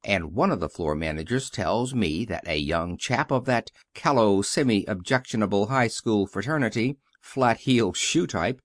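A man voicing a brisk store manager woman. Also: mid-range voice, no room sound, clean studio sound, close to an everyday voice.

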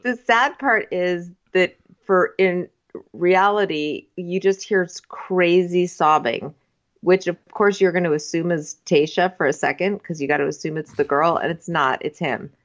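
A woman's voice: fairly low pitch, unhurried. A woman co-hosting a casual recap chat, giving dry, wry commentary. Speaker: podcast co-host. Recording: dull lo-fi audio.

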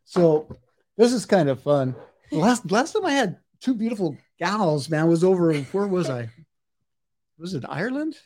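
High-voiced hypnotist man, coaxing and repetitive. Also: sing-song, measured pace. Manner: repetitive, insistent suggestions, shifting between loud and hushed. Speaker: stage hypnotist. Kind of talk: live hypnosis demonstration.

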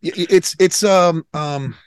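A man's voice: sits high, a little slow, clean tone, dry recording. A man hosting an interview, asking questions and often hunting for words. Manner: searching for words, many restarts. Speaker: podcast host. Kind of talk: casual interview conversation.

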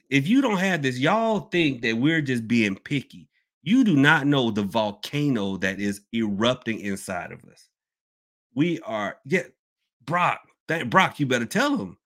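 A man hosting a casual podcast Q&A, rambling and animated, swinging between loud outbursts and low mutters. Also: a little slow. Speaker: podcast host. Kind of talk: casual live Q&A chat.

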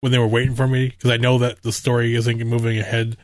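A man's voice: medium pitch, completely flat delivery, quick pace, no room sound. A man in casual chat about a video game, laid-back, laughing often and swearing. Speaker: gamer.

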